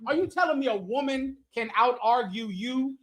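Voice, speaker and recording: A man's voice: extremely high pitch, expressive, normal speed, fairly bright tone. A man leading a scripture class, preaching in a brash, joking way with lots of rhetorical questions, often laughing at his own jokes. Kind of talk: provocative preaching to a live chat.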